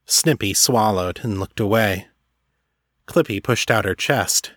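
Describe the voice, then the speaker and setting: Male narrator, low and measured, dramatic fantasy reading, dry booth sound. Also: no room sound. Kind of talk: scripted narration.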